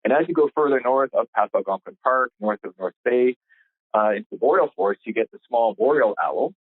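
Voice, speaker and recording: Husky man on a phone line. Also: medium pitch, lively intonation, no room sound. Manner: measured, hesitant fillers. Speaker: biologist. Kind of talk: conference call presentation. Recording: tinny phone line, dry.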